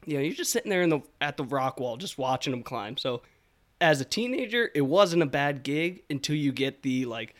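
A man's voice: a little high, animated, brisk. A young man from telling rambling stories in a casual chat, laughing often. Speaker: podcast co-host.

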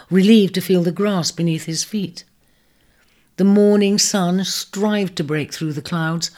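A woman narrating a storybook in a steady, measured way. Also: fairly low pitch. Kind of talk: storybook reading.

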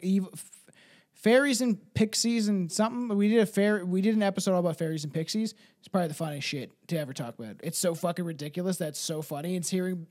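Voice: mid-range voice, darkish tone. A podcast host chatting casually and reading a story aloud, swearing a lot and tripping over words.

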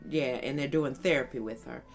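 A woman telling funny family stories on a podcast, acting out her toddlers in high little voices. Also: a little fast, faint music behind. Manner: animated storyteller, acts out toddlers in high voices. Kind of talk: casual chat.

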